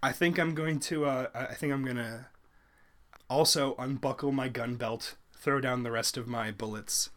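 A man's voice: mid-range voice, fairly even intonation, moderate pace, a bit bright. A man competing on a casual podcast, talking in stammering restarts with frequent chuckles. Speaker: podcast contestant.

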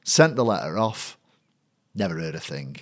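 Middle-aged Mancunian man, lowish voice, lively raconteur who slips into other people's voices as he tells a story. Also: normal speed. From Manchester, England. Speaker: guest, matchday compere. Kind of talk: anecdotal storytelling in a conversation.

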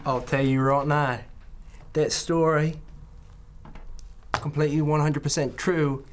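A man's voice: fairly high pitch, fairly even intonation, a little slow. A man playing a tabletop game, arguing in character as a boastful teller of a tall tale. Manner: boastful storytelling, arguing facts. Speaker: player. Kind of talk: in-character tabletop role-play.

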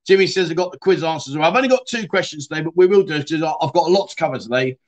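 A middle-aged Yorkshire man hosts a relaxed livestream, reading viewer comments and answering them in a matey way. His voice sits a little high for a man, and his sentences often fade off quietly at the end. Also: rapid-fire. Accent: Yorkshire English. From England. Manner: chatty and matey, calls viewers mate and my friend, often trails off softly. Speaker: livestream host.

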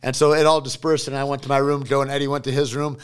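Man telling an animated story. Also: medium pitch, fast talker, clean tone. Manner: animated storyteller acting out quoted voices. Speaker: podcast guest. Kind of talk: casual storytelling. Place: podcast studio.

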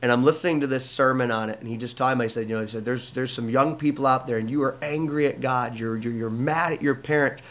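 A man's voice: mid-range voice, quick pace, hardly any pauses, a bit bright. A middle-aged man from the United States, a pastor, telling his personal testimony in an interview, earnest and full of restarts and fillers.

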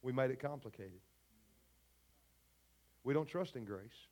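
A man's voice: medium pitch, expressive, measured pace, darkish tone. A man preaching a sermon to his congregation in a fervent, folksy way, speaking straight to the people in the pews. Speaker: pastor. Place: church service before a congregation.

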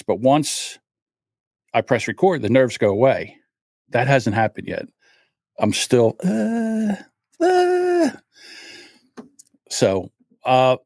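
A man's voice: medium pitch, no room sound. An older man talks on his own livestream, wandering from thought to thought and poking fun at himself while admitting his nerves. His voice sits in an ordinary middle range. The sound is dry and close, with no room behind it. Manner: rambling, self-deprecating, openly nervous. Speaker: podcast host. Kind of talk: solo livestream chat.

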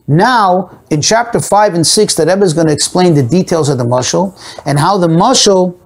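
A man teaching a Torah class, explaining a text with rhetorical questions and Hebrew and Yiddish terms mixed into his English. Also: a little high. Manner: animated, asks and answers his own rhetorical questions.

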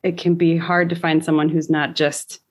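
A woman hosting an interview speaks in an earnest, measured way, sometimes searching for the right term. Her voice is on the low side for a woman. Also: little pitch movement. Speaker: podcast host. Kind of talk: interview conversation.

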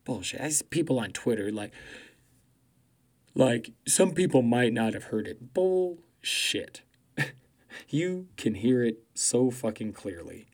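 A man doing a profane comedic political rant, swearing constantly, mocking loudly and laughing at his own jokes. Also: mid-range voice, sing-song, moderate pace.

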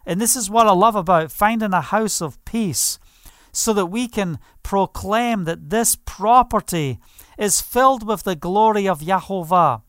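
A man's voice: high-pitched, fairly bright tone, smooth, dry recording, studio quality. A man pastor preaching a passionate sermon, declaring over property and leading prayer.

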